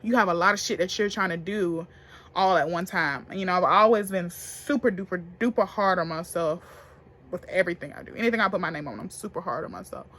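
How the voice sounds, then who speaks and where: A young woman telling a story to camera in a casual, profane, animated way, getting loud and then hushed. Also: fairly low pitch, a little fast. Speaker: beauty vlogger.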